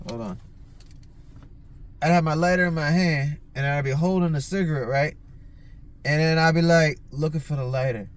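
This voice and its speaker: A man hosting a podcast, telling casual stories in a rambling, heavily profane way, with lots of "like" fillers and his own quotes acted out in sudden jumps of pitch. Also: moderate pace, pauses often. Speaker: podcast host. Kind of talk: casual storytelling.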